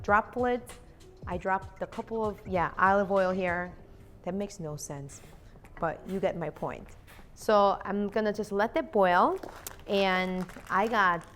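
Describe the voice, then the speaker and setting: A young woman talks her viewers through a recipe in her home kitchen, chatty and playful, with jokey asides. Her voice sits at a middle pitch, and soft music plays faintly behind her. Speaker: cooking channel host. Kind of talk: casual cooking demonstration.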